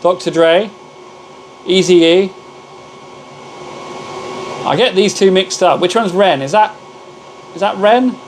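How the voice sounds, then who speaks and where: A man's voice: high-pitched, takes it slowly, long pauses, a little hiss or hum, low-quality recording. A man hosting a casual live stream from his workshop, chatting with viewers and greeting them as mate. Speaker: livestream host. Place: home workshop with laser machines.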